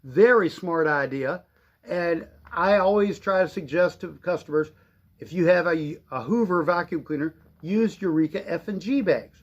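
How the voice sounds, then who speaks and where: A man's voice: fairly high pitch, moderate pace. A middle-aged man, a shop owner, giving a folksy, rambling product demonstration on a live stream. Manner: folksy, rambling explanations with fillers. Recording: dull lo-fi livestream audio.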